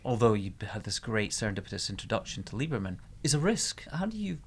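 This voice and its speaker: A man interviewing a guest, asking measured, searching questions with a few restarts. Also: on the low side, big pitch swings, breathy edge.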